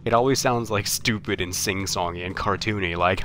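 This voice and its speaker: A young man streaming a game live, rambling through anecdotes in a halting, self-mocking way. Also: low voice, a bit bright, faint music behind.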